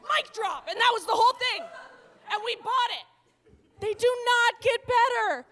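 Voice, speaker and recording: A woman's voice: extremely high pitch, expressive, a little slow, sharp tone. A woman doing a stand-up comedy set on a comedy club stage, brash and profane, laughing at her own jokes.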